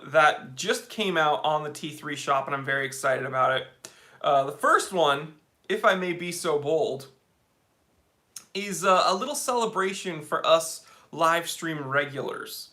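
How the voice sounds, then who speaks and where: A man's voice: a little high, animated, unhurried, bright, forceful tone. A man hosting a casual live stream, chatting upbeat and reading out viewer comments with lots of fillers.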